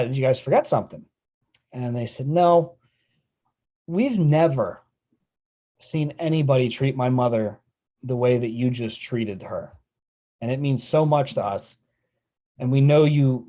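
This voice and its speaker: A man's voice: medium pitch, moderate pace, warm tone. A man telling a personal sales story as an interview guest, earnestly acting out the quoted dialogue.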